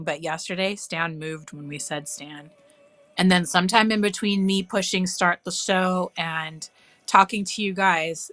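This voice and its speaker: A woman's voice: on the low side, bright, forceful tone, no echo. A woman chatting casually on a live craft stream, cooing and squealing with delight as she works. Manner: bubbly, coos and squeals over her craft.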